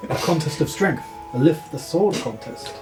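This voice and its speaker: A friendly working-class townsman, put on by a man running the game, who talks in a lively, up-and-down way. He is proud of his community and warm toward strangers. Music plays clearly in the background. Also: a little high, normal speed, close to an everyday voice. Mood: inviting. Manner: chatty, welcoming, sizing up strangers. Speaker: non-player character.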